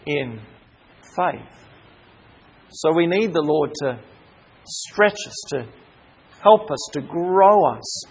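A man's voice: sits high, slightly rough, rough recording. A man preaching a sermon, asking rhetorical questions and calling out for amens, drawing out key words and often stumbling over fillers. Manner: slows and stresses key words, with hesitant fillers. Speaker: pastor.

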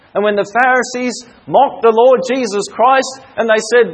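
A man's voice: very high voice, steady tone, normal speed, few pauses, low-quality recording. A man preaching a sermon, earnest and emphatic, building through repeated phrases.

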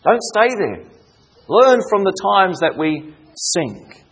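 A male preacher delivers an evening sermon in a high, slightly husky voice. He moves between emphatic, raised calls to the congregation and quiet, hushed pleading. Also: very animated, slow, low-quality recording.

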